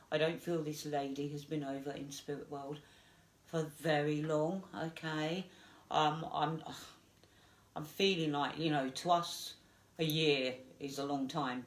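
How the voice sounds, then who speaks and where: A woman medium giving a live psychic reading, gentle and reassuring, halting with many fillers. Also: low-pitched, steady tone. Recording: echoey room.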